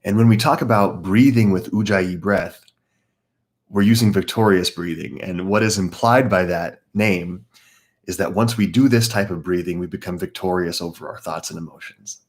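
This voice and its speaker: A man teaching a live guided meditation class, calmly explaining breathing techniques and greeting viewers by name. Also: low-pitched, normal speed.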